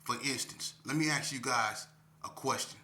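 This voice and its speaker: A man in his fifties talking casually to the camera. He is reflective and unhurried, peppers his talk with "man," and speaks to viewers as y'all. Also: mid-range voice, bright, forceful tone, reverberant. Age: 50s. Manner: reflective, drawn-out, often ends phrases with "man" and addresses viewers as y'all. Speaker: vlogger.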